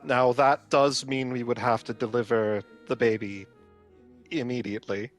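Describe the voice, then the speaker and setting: A man voicing a flustered, bookish young male healer who gives halting, stammering explanations. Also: medium pitch, little pitch movement, faint music behind, natural voice. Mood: hesitant.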